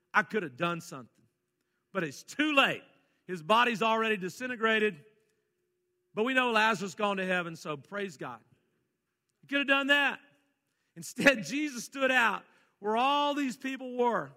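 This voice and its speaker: A man preaching a sermon, folksy, reading scripture and moving between quiet asides and loud, emphatic calls. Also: high voice, long reverb tail. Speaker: pastor.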